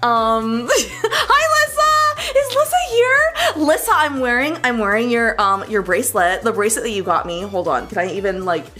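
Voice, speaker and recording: A woman's voice: mid-range voice, a bit bright. A woman chatting and giggling through a casual cooking livestream, greeting her chat.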